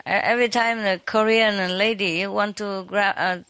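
A woman's voice: medium pitch, fairly even intonation, normal speed, a bit bright, clear, resonant tone. A woman teacher giving an informal talk to a retreat audience, teasing them playfully with frequent laughter and switching between English and Chinese.

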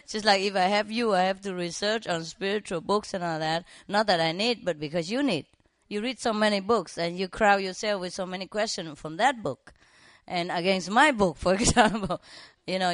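Casual storyteller, a woman of middle pitch, chatty, laughs often, dry close sound. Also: no room sound. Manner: chatty, laughs often, acts out her pets. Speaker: bird owner.

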